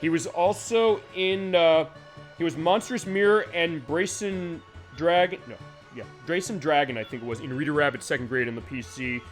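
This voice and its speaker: Male stream host, slightly high voice, rambling play-by-play chat, faint music under it. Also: moderate pace. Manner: rambling, chatty, many fillers and restarts. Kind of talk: casual let's-play commentary.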